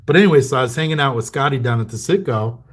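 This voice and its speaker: A man's voice: medium pitch, animated, racing, slightly rough. A man hosts a casual trading card livestream. He talks in a mid-range voice and rambles through his stories with plenty of fillers and small chuckles.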